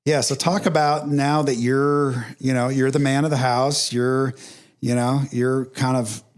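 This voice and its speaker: A man's voice: mid-range voice, level tone, measured pace. Candid middle-aged man telling a story. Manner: candid, emotional storytelling with fillers. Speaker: podcast host. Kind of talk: casual conversation.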